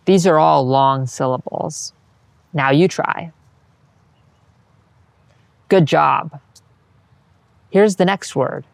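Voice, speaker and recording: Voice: medium pitch, slow, creaky, long pauses, no room sound. A patient Latin teacher giving scripted instructional narration, modeling each phrase and then encouraging the listener to repeat it.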